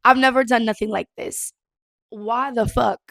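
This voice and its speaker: A young woman hosting her own podcast in a casual, expressive chat, swearing freely and laughing often. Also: fairly high pitch, moderate pace, gravelly, no echo. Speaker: podcast host.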